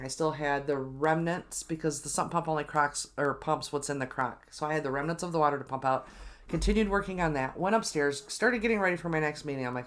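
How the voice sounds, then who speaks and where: A middle-aged woman hosting her own show, telling a story in a casual, animated and exasperated way, with many ums and restarts. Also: deep voice. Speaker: host.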